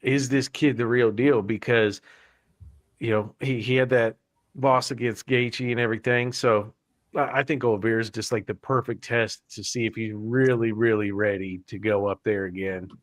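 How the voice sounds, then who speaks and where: A man with a medium-pitched voice chats on a podcast panel. He hesitates and restarts, leaning on fillers, and the close mic gives a dry, roomless sound. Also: steady tone, normal speed, no room sound. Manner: hesitant, many "you know" fillers. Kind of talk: casual sports chat.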